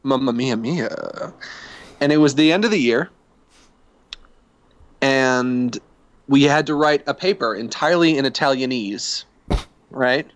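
A man's voice: mid-range voice, dry recording. Blunt young man reading listener mail. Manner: blunt, halting, swears casually. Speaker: podcast co-host reading listener emails. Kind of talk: casual chat.

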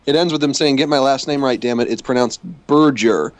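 A man's voice: medium pitch, steady tone, fast. A man hosting a casual livestream podcast, reading out listener emails with wry sarcasm. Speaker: podcast host.

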